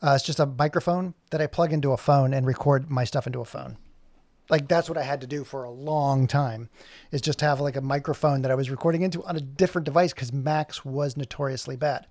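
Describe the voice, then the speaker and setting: This streamer has a medium-pitched, slightly mellow voice, fairly even intonation, and a slightly fast pace, with no room sound. He rambles casually and talks to himself as he works on an animation during a livestream.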